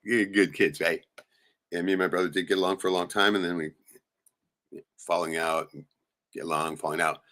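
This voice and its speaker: Brief: middle-aged male streamer, lowish voice, foul-mouthed, rambling, jumps loud and high in spots. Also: steady tone, a little fast, long pauses. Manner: profane, rambling storyteller with sudden loud jumps. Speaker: live streamer. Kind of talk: casual venting monologue showing photos.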